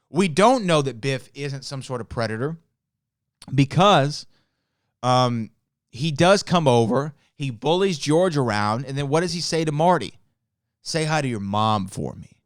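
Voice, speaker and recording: A man's voice: mid-range voice, smooth, no room sound, clean studio sound. A man hosting a solo podcast, reading out claims and rebutting them with exasperated, rising indignation. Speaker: podcast host.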